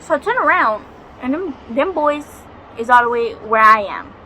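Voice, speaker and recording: Young woman rambling through a spooky story at home, bright voice, slightly high, faint hiss behind. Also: expressive, normal speed, low-quality recording. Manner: chatty, swears freely, dramatic retelling. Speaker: vlogger. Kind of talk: casual storytelling vlog. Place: home, near a balcony.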